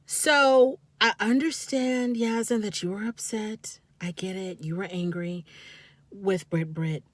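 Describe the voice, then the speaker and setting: Woman reviewer, mid pitch, casual and scolding, talking straight at the show's couple. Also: slow pace, no echo. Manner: animated, scolding, talks straight to the people on the show. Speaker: reality TV reviewer. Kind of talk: casual commentary.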